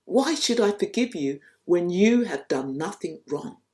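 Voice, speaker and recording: A woman voicing a serene, calm male spiritual teacher. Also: fairly low pitch, unhurried.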